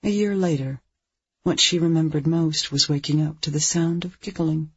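Very breathy audiobook narrator, dull lo-fi sound. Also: mid-range voice, no echo. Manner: measured, tense storytelling. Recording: dull lo-fi recording.

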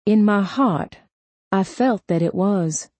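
A woman's voice: mid-range voice, slow pace, a little mellow, no echo. A woman reading an audiobook, voicing a middle-aged mother whose voice is soothing yet firm. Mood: confessing.

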